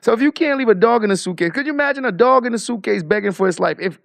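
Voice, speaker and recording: Male streamer, gravelly voice, slightly high, dry close mic, emphatic casual talk. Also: very fast, no echo. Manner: animated, emphatic, repetitive restarts. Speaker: livestream host. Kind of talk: casual livestream commentary. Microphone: headset or desk mic.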